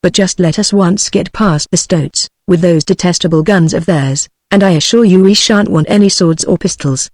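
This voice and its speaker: Storybook badger, old male, dry and commanding, British synthetic woman voicing him, flat delivery, dry sound. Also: on the low side, moderate pace, hardly any pauses, no echo, lightly acted.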